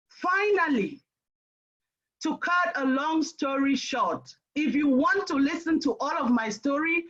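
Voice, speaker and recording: Emphatic high-voiced woman storyteller. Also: fairly bright tone. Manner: emphatic, speaks straight to listeners. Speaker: host telling her own life story. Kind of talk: personal storytelling. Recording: muffled lo-fi recording.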